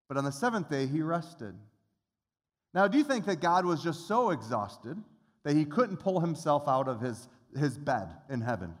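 Middle-aged man pastor, slightly high voice, earnest sermon, long church reverb. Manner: earnest, conversational preaching with repeated restarts. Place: church sanctuary.

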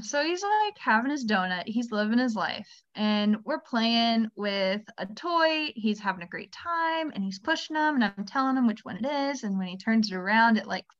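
A young woman chatting casually as a guest on a video call, telling stories with laughter and lively put-on voices. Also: fairly high pitch. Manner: animated storyteller, acts out kids' voices with laughs. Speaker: guest, speech therapy clinician. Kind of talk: casual chat. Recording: dull lo-fi audio.

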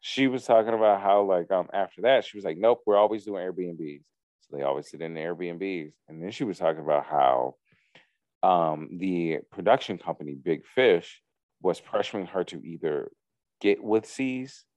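A man casually recapping a reality show to a co-host, telling the story with lively quoted asides. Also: deep voice, moderate pace, no room sound. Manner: animated storytelling with profanity, acts out quotes.

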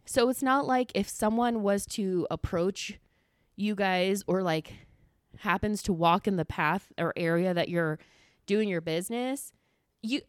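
A woman hosting a casual solo podcast, ranting in an animated, exasperated way with lots of filler words. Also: medium pitch, no room sound, clean studio sound. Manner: animated, exasperated, lots of "like", swings loud and soft. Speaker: podcast host.

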